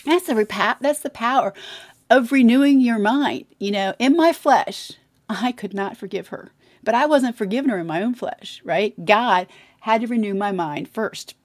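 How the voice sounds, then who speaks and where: A woman's voice: on the high side, moderate pace, no echo, clean studio sound. A woman co-hosting a Christian podcast, telling a heartfelt personal story of forgiveness and then reading a sponsor message. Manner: heartfelt, emotional, tearful at times. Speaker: podcast co-host. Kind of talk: faith testimony and sponsor read.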